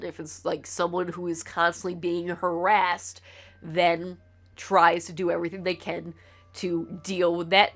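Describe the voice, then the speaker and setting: A congested woman with a fairly low voice talks through a let's play, rambling and opinionated, with a swear dropped in here and there. Faint game music hums behind her casual commentary on a desk mic. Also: a bit bright.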